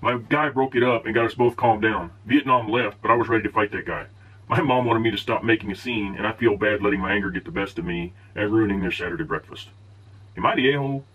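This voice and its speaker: A man reading online posts aloud in a plain, steady way, with the odd stumble over a word. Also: fairly low pitch, fast. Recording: distant, dull and husky-sounding.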